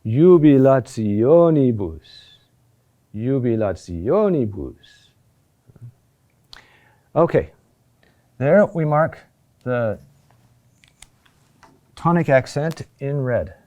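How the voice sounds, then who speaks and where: A middle-aged man teaching a class on chant, speaking deliberately with many pauses and fillers. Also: a little high, expressive, a little mellow, highs cut off. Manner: slow and deliberate, with frequent "uh" pauses. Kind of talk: classroom lecture.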